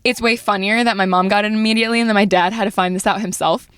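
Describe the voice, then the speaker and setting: A woman's voice: mid-range voice, very fast, clear, resonant tone, no echo, clean studio sound. A pregnant woman co-hosting a podcast, telling a story in casual chat with lots of "like" fillers. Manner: animated, many "like" fillers, acts out quotes. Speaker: podcast co-host. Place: podcast studio.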